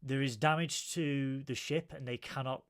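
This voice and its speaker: A Northern English man co-hosts a casual review chat, mid-pitched and steady. He walks through a story at length, leaning on ums and uhs as he goes. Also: moderate pace. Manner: recaps plot at length, filler-heavy. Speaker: podcast co-host.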